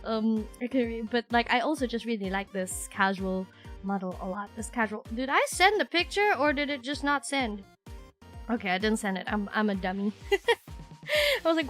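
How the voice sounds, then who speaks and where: A high, bright young woman talks fast in a rambling, animated stream chat, often cutting herself off mid-sentence. Her voice is a touch rough from a recent illness. Faint music plays underneath. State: recovering from illness, voice sounds rough. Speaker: VTuber streamer. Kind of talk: casual chat with viewers.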